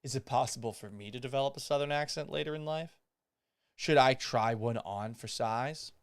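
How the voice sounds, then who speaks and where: A man hosting a live sports talk show, delivering an animated, sarcastic monologue and swearing for emphasis. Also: mid-range voice, normal speed, clear, resonant tone, no echo, clean studio sound. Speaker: podcast host.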